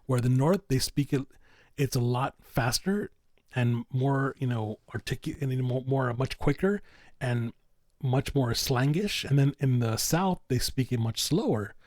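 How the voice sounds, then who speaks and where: A man's voice: mid-range voice, measured pace, darkish tone, dry recording. Rambling man, "you know" every phrase. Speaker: podcast guest. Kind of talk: casual conversation.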